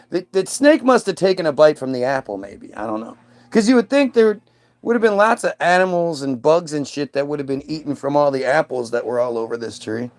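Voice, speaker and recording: A man's voice: fairly high pitch, lively intonation, fairly quick, a little mellow. Profane, rambling male comedian. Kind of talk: crude stand-up storytelling.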